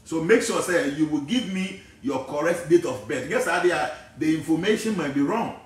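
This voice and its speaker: A man with a Ghanaian accent, giving an animated, preachy talk that wanders from point to point. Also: on the high side, normal speed, heavy reverb, recorded from a distance. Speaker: spiritual teacher. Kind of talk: casual talk mixing English and Twi.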